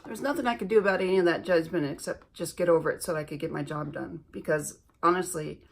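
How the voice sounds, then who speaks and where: A woman's voice: lowish voice, fast, creaky, a little hiss or hum. A woman beauty vlogger chatting through her makeup routine, earnest and reflective, speaking directly to her viewers while filming at home. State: recovering from bronchitis. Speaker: beauty YouTuber. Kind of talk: chatty get-ready-with-me makeup talk.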